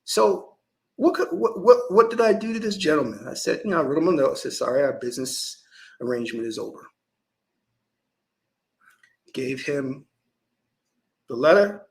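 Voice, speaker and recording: Male priest, spiritual talk, preachy and emphatic, pitch swinging all over. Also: expressive, moderate pace, vocal fry, low-quality recording. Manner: emphatic, preachy, lots of restarts. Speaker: Kemetic priest. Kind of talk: spiritual lecture monologue.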